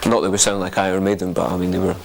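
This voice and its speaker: A man in a band tells a rambling story in a very deep, gravelly voice. He speaks quickly and flatly, and keeps restarting his sentences. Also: a little hiss or hum. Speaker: band member. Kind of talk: casual interview.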